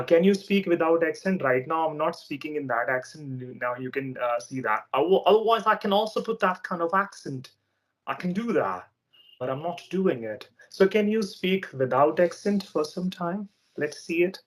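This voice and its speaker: A man's voice: fairly high pitch, normal speed. Friendly man teacher. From India. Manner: friendly, patient questioning with frequent laughs. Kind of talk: casual interview chat.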